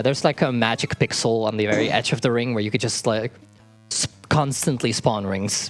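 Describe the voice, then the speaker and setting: A man casually explaining his game as he plays it live, laughing often and tripping over words. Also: on the low side. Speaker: speedrunner. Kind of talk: live speedrun commentary. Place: marathon event stage. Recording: faint game music behind. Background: faint game music.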